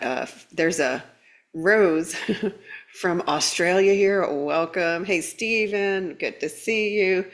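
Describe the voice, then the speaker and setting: A woman hosting a casual spiritual live stream. She greets viewers by name, laughs often, and uses playful sound words with quick jumps in pitch. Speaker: spiritual livestream host.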